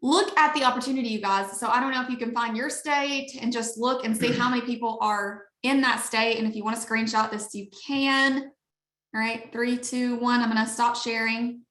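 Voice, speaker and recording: Bright, eager Alabama woman selling hard on a video call; higher voice, roomy echo. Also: steady tone, normal speed. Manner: upbeat, gushing, chatty. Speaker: network marketing leader. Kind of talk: enthusiastic sales pitch on a video call.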